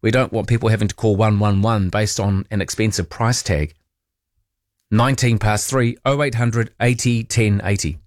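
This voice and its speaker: A man's voice: fairly low pitch, steady tone, moderate pace, no room sound. A man hosting a late-night talkback radio show, chatting wryly and putting questions to listeners. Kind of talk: casual talkback chat. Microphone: studio microphone.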